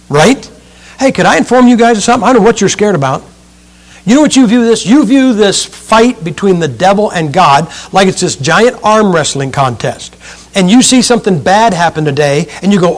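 Male preacher, high voice, animated, joking, rhetorical questions, sermon. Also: fairly quick.

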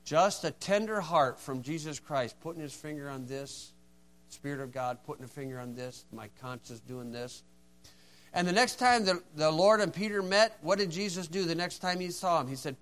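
High-voiced preacher acting out voices. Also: male voice, lively intonation, normal speed. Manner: folksy storytelling, acts out dialogue, swings from hushed to shouting. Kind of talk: sermon.

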